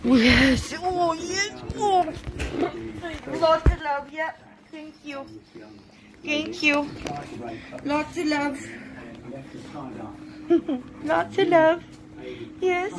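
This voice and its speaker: A woman's voice: sits high, very slow, pauses often, noisy background. A young woman at home filming her dog, chatting and cooing at it in a sing-song pet voice and laughing often. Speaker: dog owner vlogger. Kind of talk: casual home video narration. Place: home, indoors.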